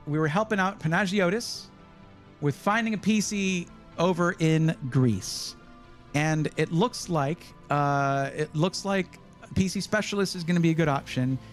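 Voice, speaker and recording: Excitable male streamer, high voice, hoarse, faint music underneath. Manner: excited, reads names in rapid bursts. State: voice going hoarse. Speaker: livestream host. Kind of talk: live stream chat.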